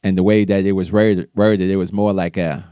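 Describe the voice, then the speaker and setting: A man's voice: sits low, little pitch movement, normal speed, dark tone, clear, resonant tone, dry recording, studio quality. A man hosting his own show, casually talking through political commentary in a loose, conversational way with restarts. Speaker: show host.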